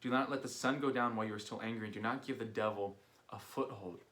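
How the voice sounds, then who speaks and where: A man's voice: fairly low pitch, fairly even intonation, quick pace, a bit bright. A young adult man, a youth director, giving a casual online sermon recap with an easygoing storytelling manner. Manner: casual storytelling with fillers, acts out quoted voices.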